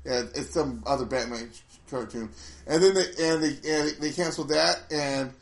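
A man's voice: fairly high pitch, normal speed, roomy sound. A man casually chatting as a podcast co-host, rambling with many restarts. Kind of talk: casual chat.

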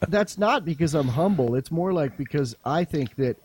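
A man's voice: on the high side, animated, a little slow, a little mellow, breathy edge. A man joking and rambling in casual banter as a podcast guest, talking over a voice chat call. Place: home in Wyoming. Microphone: online voice chat call.

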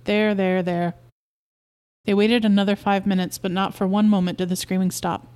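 A woman podcast host reading a short story aloud in a steady, even narration. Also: medium pitch, fast.

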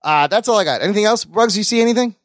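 A man co-hosting a podcast in casual chat, animated and profane. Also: rapid-fire, no echo. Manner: animated, profane, swings between high and low pitch. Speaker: podcast co-host.

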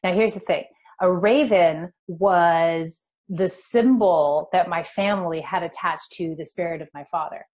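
A middle-aged woman from California, guest in an interview, telling a personal spiritual story in an animated, emotional way. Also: on the low side, a little slow, hardly any pauses.

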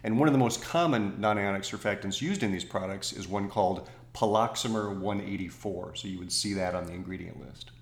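A man with a lowish voice explains skincare ingredients on a podcast, recorded in a noticeably roomy, echoing space. He talks it through thoughtfully, stops to correct himself, and drops in small jokes. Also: fairly quick, few pauses. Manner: thoughtful, self-correcting, jokey asides. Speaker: podcast co-host. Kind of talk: casual science chat.

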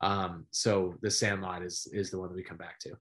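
A middle-aged man, a sportscaster guest, telling stories in a casual interview, animated and full of fillers. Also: deep voice, normal speed. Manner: animated storyteller with many fillers.

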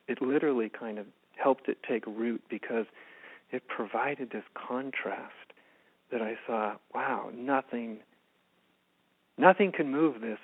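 Soft-spoken man on a tinny phone line. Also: medium pitch, husky. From United States. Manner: soft-spoken, often drops to a hushed voice. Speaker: spiritual teacher, guest. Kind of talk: reflective personal storytelling.

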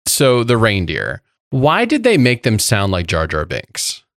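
A very low, gravelly-voiced man chatting about a movie on a podcast, recorded dry and close. He is wry, hops from topic to topic and laughs partway through his sentences. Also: huge pitch swings, measured pace, no echo. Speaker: podcast co-host. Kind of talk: casual film review chat.

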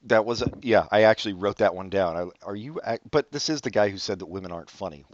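A man's voice: lowish voice, quick pace, no room sound, highs cut off. A man co-hosting a casual podcast chat, wry and swearing casually, often restarting his sentences. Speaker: podcast co-host.

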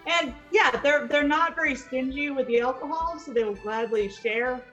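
A woman game master narrating a tabletop game in a relaxed, laughing way. Her voice sits a little high. The recording is dull and lo-fi, with faint music behind her. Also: normal speed.

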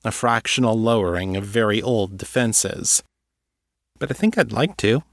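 A man reading a young woman who is part succubus, gently softening her guard. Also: fairly low pitch, normal speed, dry recording, clean studio sound, close to an everyday voice. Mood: tender.

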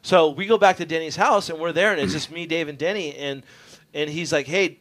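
A man's voice, a little high and fairly quick, fills a radio studio as he tells a long road-trip story casually, swearing throughout and animatedly voicing the people in it.

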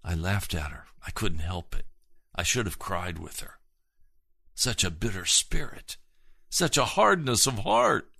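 A man preaching a sermon in an earnest way, moving between hushed and emphatic delivery and slowing down to stress points. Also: fairly low pitch, very animated, vocal fry, no room sound.

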